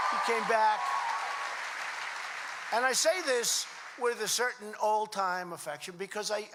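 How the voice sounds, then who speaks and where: Older guy giving a rambling speech in a big echoey hall, bright punchy voice, a bit high, acts out little back-and-forth chats. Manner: rambling, repetitive, boastful, acts out quoted dialogue. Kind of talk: rally-style speech. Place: large indoor hall before a crowd. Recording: echoey hall with a faint crowd.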